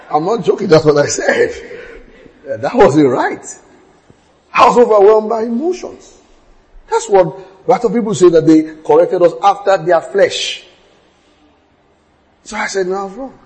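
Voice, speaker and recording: A middle-aged man preaches with a fairly high voice. He tells stories with humour, dropping to quiet asides and then rising to loud exclamations. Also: moderate pace, long pauses, rough recording. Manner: storytelling with humour, lively swings from quiet to loud. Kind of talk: sermon.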